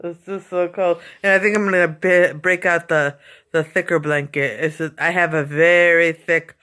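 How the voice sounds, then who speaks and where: In a casual basement vlog, the speaker's medium-pitched voice is steady, bright, forceful, and clean, moving at a moderate pace. The chat wanders and repeats itself, with lots of fillers and frequent yawning.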